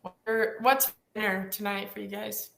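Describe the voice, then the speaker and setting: A woman co-hosting a webinar over a video call, asking quick playful questions and teasing her guests. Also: medium pitch, flat delivery, vocal fry, fairly bright tone, roomy sound, low-quality recording. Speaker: webinar co-host asking lightning round questions. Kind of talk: casual video-call chat.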